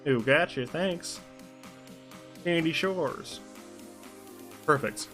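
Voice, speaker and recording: A man's voice: on the high side, extremely slow, a bit bright, faint music behind. Young male streamer narrating casually. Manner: rambling asides, mixes narration with chat comments. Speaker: streamer narrating a role-play. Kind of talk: casual live-stream narration, reading a story aloud.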